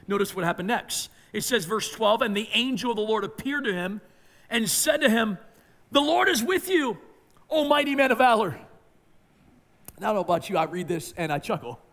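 A man preaching a sermon, emphatic, swinging from hushed lines to near-shouting. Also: high-pitched. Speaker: pastor.

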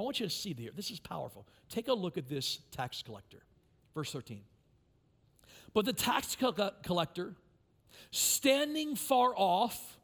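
Preaching a sermon to his congregation, a pastor with a notably high voice sinks to near-whispers for intimate points. When voicing a plea, he rises loud and impassioned.

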